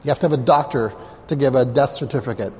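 A man's voice: medium pitch, fast talker, darkish tone. Pastor man preaching in an echoing hall. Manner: conversational, anecdotal, with asides to the congregation. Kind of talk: storytelling sermon. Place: church hall, live before a congregation. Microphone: clip-on mic. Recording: long reverb of a large hall.

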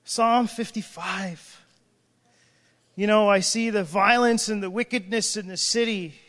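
A man's voice: high-pitched, fairly even intonation, unhurried, fairly bright tone. A man preaching an emotional sermon, crying out in prayer and breaking off mid-sentence. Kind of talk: impassioned sermon. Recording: long hall reverb.

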